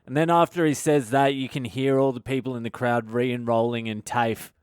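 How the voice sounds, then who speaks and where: A man's voice: medium pitch, fairly even intonation, normal speed, darkish tone, smooth, no room sound, clean studio sound. A man, a comedian hosting his own podcast, delivering a sardonic comic monologue that is full of swearing and acted-out mock dialogues.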